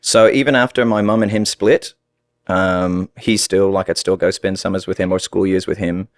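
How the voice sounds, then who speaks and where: An American man with an Australian-tinged accent, telling stories as a podcast guest in an animated, laughing way. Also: deep voice, moderate pace, dry recording, studio quality. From United States. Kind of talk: casual storytelling.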